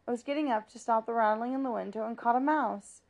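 A woman's voice: a little high, fast, darkish tone, close to an everyday voice. A woman reading aloud and voicing a young female teacher who gushes but also talks sensibly. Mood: eager. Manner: gushing, sensible.

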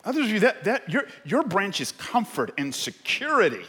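A male pastor delivering an impassioned sermon in a church, swinging from quiet reflection to loud, shouted exhortation. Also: high voice, huge pitch swings, normal speed, breathy edge. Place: church sanctuary in San Francisco. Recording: long hall reverb in a church.

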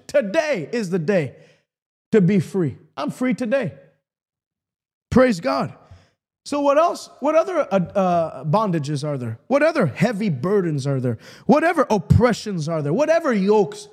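Male preacher, broadcast sermon, fervent, lively pitch, builds to shouting. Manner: fervent, rising to shouted declarations.

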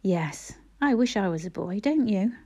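A woman's voice: medium pitch, animated, unhurried, warm tone, slightly rough. A woman reading aloud and voicing a brave, practical young girl who talks earnestly and reassuringly in a storybook. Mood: gentle, reassuring.

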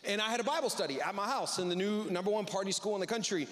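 Male pastor, high voice, casual sermon style with acted-out quotes, long hall echo. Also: very fast. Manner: conversational, acts out quoted voices. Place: church service.

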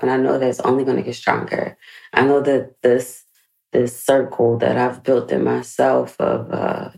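A woman in her late thirties talks through a candid personal reflection on her podcast. Her voice sits very low and has a gravelly edge. She speaks frankly and emotionally, and she swears freely. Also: mellow, rough recording. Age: 30s. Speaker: podcast host.

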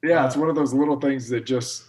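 A man's voice: medium pitch, fairly even intonation, a little fast, over a noisy crowd. A man, a former pro football player, co-hosting a podcast and telling stories with dry humor in casual chat. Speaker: podcast co-host, former NFL center.

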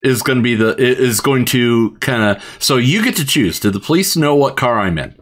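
A man's voice: medium pitch, animated, normal speed, a bit bright. A man hosting a podcast from his home studio, chatting casually, laughing often and restarting sentences. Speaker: podcast host. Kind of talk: casual chat.

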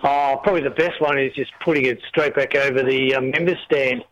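Laid-back dad on the phone. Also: male voice, mid-range voice, a little fast, muffled recording, a little hiss or hum. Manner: laid-back, joking, deadpan. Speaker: caller, guest's father.

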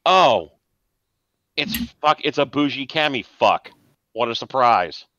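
A man's voice: mid-range voice, animated, slow, bright, forceful tone, no room sound, voice pushed up. A man voicing Genghis, a crude, mocking vampire street tough, on a dull lo-fi recording. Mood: scornful. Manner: foul-mouthed, mocking.

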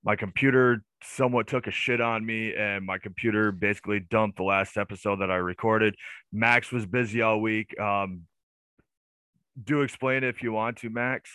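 A man's voice: lowish voice, steady tone, normal speed, sharp tone, clear, resonant tone, dry recording. A man from the northern United States hosting a casual podcast, chatty and jokey with lots of fillers. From northern US near Canadian border. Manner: rambling, filler-heavy, jokey. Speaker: podcast host.

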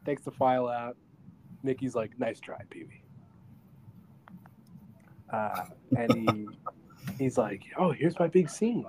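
A man co-hosting a podcast, chatting casually as he retells a film scene by scene. He talks in an animated way and keeps jumping into brief voice impressions of the characters. A faint background ambience sits under his voice. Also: medium pitch, slight background noise. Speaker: podcast co-host reviewing a film. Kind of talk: casual chat.

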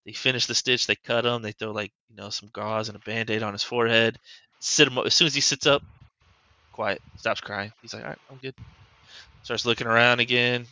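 A man's voice: medium pitch, steady tone, fairly quick, pushed and bright, no room sound, low-quality recording. A man hosting a podcast, telling a personal story as a father in a loose, rambling way that is full of "like". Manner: loose and rambling, heavy use of "like". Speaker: podcast host. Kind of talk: casual storytelling chat.

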